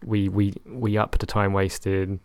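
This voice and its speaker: A man's voice: low voice, level tone, slow pace, darkish tone, smooth, no room sound. A young man talking casually about his football management game, rambling and correcting himself with a wry tone. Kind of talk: casual chat.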